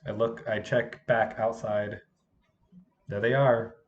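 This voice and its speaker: A substitute teacher with a hoarse voice from yelling, telling stories in a casual vlog and acting out what others said. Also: medium pitch, slow, lo-fi sound, a little hiss or hum. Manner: animated, acts out what others said.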